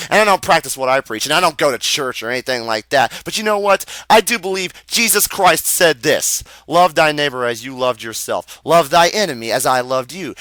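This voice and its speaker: A man's voice: fairly high pitch, pushed and bright, dry recording. A young American man delivering an angry, profane, improvised rant. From United States. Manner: profane, heated, emphatic. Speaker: video ranter.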